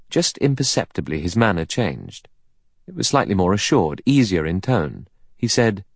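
A man reading a novel aloud in expressive scripted narration. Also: sits low, normal speed, husky, dry recording, studio quality. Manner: expressive, varied delivery. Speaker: audiobook narrator.

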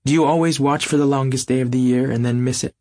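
A man reading an audiobook, voicing a bright, high-spirited young woman who gushes with charm. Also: steady tone, fast talker, no room sound, studio quality, lightly acted. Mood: playful. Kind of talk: audiobook character voice.

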